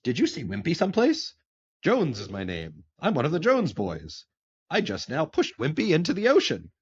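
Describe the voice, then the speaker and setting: A man's voice: a little high, wildly swooping pitch, moderate pace, husky, dull audio, pitched above the performer's own voice, exaggerated voice. A man doing a prissy, overly polite gent. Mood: sly. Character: prim, polite, hamburger-loving man.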